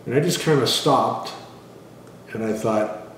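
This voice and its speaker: A middle-aged man casually telling a personal testimony in a plain, relaxed way, often clearing his throat and restarting. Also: medium pitch, measured pace. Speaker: father sharing a personal testimony. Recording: echoey room, voice from some distance, faint noise.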